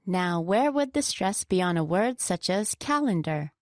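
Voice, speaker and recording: A woman co-presenting a scripted pronunciation lesson, slowing down to stress example words with care. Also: on the low side, expressive, no echo, clean studio sound. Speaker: pronunciation teacher.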